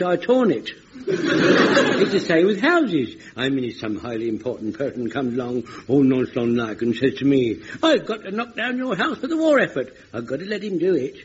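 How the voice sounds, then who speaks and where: A man's voice: fairly high pitch, a little hiss or hum. An actor playing a fussy, flustered, well-meaning old man in a radio sitcom, rambling as he talks. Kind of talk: 1940s-style radio sitcom acting. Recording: dull vintage radio recording.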